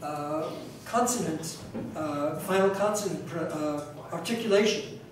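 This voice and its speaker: The recording comes from a distant mic in an echoey, large conference hall, with a faint hiss beneath. In it, a New York City pronunciation teacher with a somewhat high voice delivers a conference talk conversationally, deliberately raising his voice and repeating and restarting as he goes back over his points.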